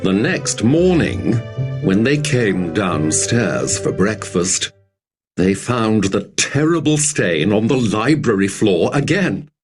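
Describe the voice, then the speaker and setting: Male narrator, low voice, slow learner-paced reading, lively intonation, soft music behind. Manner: slow, clear, expressive reading.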